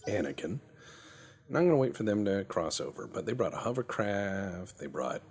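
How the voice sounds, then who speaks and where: A man's voice: on the low side, very animated, normal speed, darkish tone, slightly rough. A man casually commentating on his gameplay, rambling and joking, often repeating words as he thinks aloud. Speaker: game commentator. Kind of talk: casual let's play commentary.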